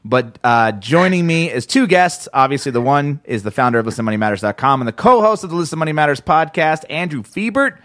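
A man's voice: a little high, fairly quick, hardly any pauses, a bit bright, no room sound, clean studio sound. Joking man hosting a podcast. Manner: joking, profane, rambling. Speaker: podcast host. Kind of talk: casual podcast chat.

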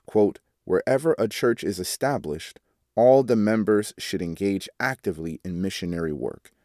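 A man reading a devotional article aloud in a measured way, announcing each quotation out loud. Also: lowish voice, no echo, studio quality. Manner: measured, reads quote marks aloud. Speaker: devotional reader.

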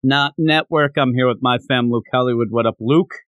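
A man's voice: mid-range voice, moderate pace, no echo. A man hosting a casual podcast, chatty and jokey as he recaps a story. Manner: chatty and jokey, recapping with lively quoted lines. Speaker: podcast host.

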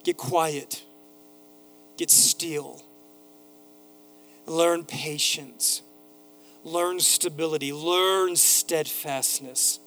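A man's voice: on the high side, steady tone, very slow, pauses often, fairly bright tone, soft background music. Male pastor preaching with emphatic repetition. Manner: preaching with emphatic repeated phrases, quoting a neighbor in a casual voice. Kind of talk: sermon. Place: church sanctuary.

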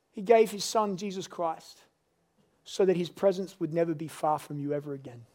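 A middle-aged man preaching a sermon as pastor, earnest and confessional, rising to loud pleading. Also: high-pitched. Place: church service.

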